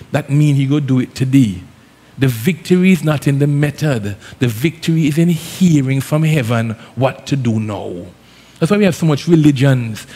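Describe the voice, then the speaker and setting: Lively Antiguan pastor in a reverberant hall. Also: male voice, fairly high pitch. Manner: lively, conversational preaching with Caribbean phrasing. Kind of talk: sermon.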